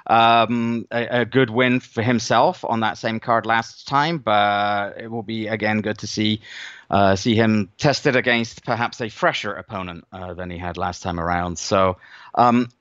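A man weighs up fights in a dry, wry way, pausing often on fillers. His voice is bright and forward. The recording is a little dull and very dry, with no room sound. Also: on the low side, fairly even intonation, no echo. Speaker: boxing analyst. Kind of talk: podcast chat.

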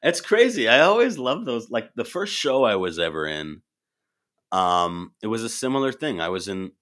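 A man, an improv performer and actor, telling animated stories in a casual chat and acting out the voices in them. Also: fairly low pitch, normal speed. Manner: animated, acts out voices in his anecdotes.

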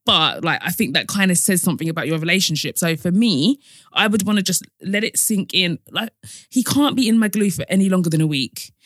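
A woman's voice: lowish voice, expressive, fairly quick, no room sound. A young woman co-hosting a podcast, talking frankly and casually with lots of slang. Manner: blunt, frank advice-giving with slang. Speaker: podcast co-host. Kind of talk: casual chat.

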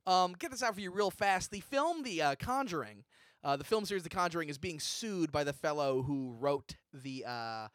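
Casting: male podcast co-host, high voice that swings widely, dry close sound. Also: moderate pace, no echo. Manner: rambling, deadpan jokes with many restarts. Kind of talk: comedic podcast banter.

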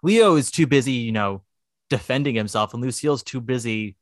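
A man co-hosting a podcast in casual chat, animated and profane, acting out quotes in put-on voices. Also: mid-range voice, brisk, no echo, studio quality. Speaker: podcast co-host.

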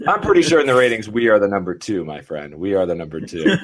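Low-voiced man hosting a podcast. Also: lively intonation, fairly quick, noisy background. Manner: laughs often, many fillers and restarts. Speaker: podcast host. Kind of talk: casual podcast chat.

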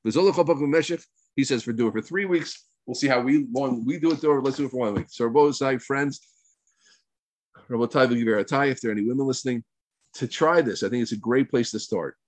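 A middle-aged man giving a casual Torah talk, mixing Hebrew phrases into English and swinging between soft asides and loud outbursts. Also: mid-range voice, a little fast, dry recording. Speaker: Torah teacher.

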